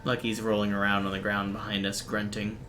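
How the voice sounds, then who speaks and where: A man streaming a game, reading its visual novel text aloud in a steady, even narration broken by quick, dry asides. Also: fairly low pitch, noisy background. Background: faint game music.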